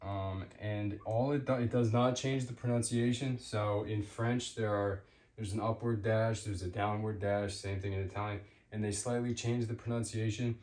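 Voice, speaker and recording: A man giving an unscripted language lesson, pausing often with ums and restarting his sentences. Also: on the low side, steady tone, darkish tone, echoey room. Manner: hesitant, with many ums and restarts. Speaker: language teacher.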